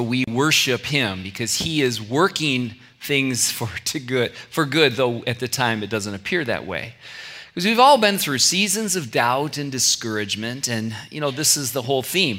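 A man's voice: medium pitch, sharp tone. A middle-aged male pastor from California, preaching in a conversational way with anecdotes and asides. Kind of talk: sermon.

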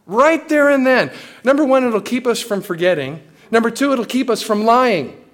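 A man preaching a sermon as a pastor, animated and acting out the voices of people he quotes. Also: very high-pitched, moderate pace.

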